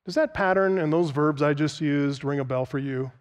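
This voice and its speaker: A man preaching an expository sermon, teaching earnestly and repeating words for emphasis, slowing down to stress key phrases. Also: on the high side, clear, resonant tone.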